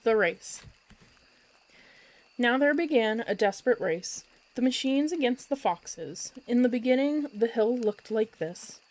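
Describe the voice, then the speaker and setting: A woman storyteller reading a children's book aloud at bedtime with expressive, lively narration. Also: fairly high pitch, a little slow, rough recording.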